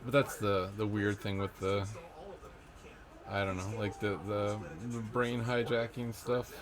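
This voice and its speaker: A man's voice: lowish voice, flat delivery, a little slow. A man vlogging in a rambling casual monologue, trailing off and restarting often. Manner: rambling, trailing off, frequent fillers and self-restarts. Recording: background crowd chatter.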